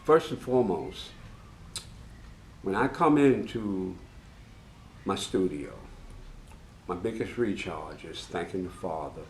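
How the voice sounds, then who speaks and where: A man, a tailor co-hosting a casual chat from his sewing studio, talking in an earnest, reflective way that often drops soft and low. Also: animated, takes it slowly, long pauses. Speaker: tailor and co-host. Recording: roomy studio with faint hiss.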